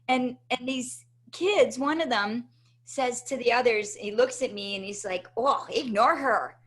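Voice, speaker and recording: A woman with a fairly high voice tells a story from her past as an interview guest. She is animated and chatty, and often tags her sentences with a quick "right?" to keep the listener with her. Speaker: interview guest, motivational speaker. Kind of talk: personal storytelling in conversation.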